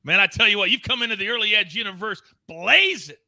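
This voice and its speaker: A man hosting a sports betting show, talking with loud, playful energy and big swings in pitch. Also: expressive, fast talker, no room sound. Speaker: host.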